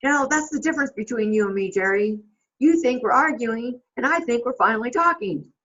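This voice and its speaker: A woman voicing a cocky, combative male athlete with a defiant, high-pitched edge. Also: lively intonation, fairly quick, fairly bright tone, lo-fi sound. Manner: defiant, giving attitude.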